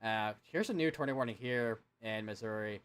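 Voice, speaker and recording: Speaking in a lowish, smooth voice with a fairly bright tone, a young man moves briskly through a live severe weather stream. He keeps things casual, with many fillers and restarts, while he checks radar and alerts at his computer.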